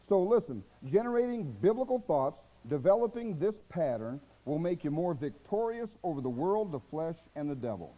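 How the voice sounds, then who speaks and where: A man preaching a sermon as pastor, in a folksy, colloquial way, dropping to low murmurs and then rising to loud, high bursts. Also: big pitch swings, moderate pace, few pauses, poor audio.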